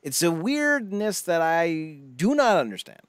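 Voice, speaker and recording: Lively podcast dude rambling on, pitch jumping all over, dry close mic. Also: male voice, measured pace, smooth, no echo. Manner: rambling, animated, breaks into silly impressions. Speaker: podcast co-host. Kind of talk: casual podcast banter.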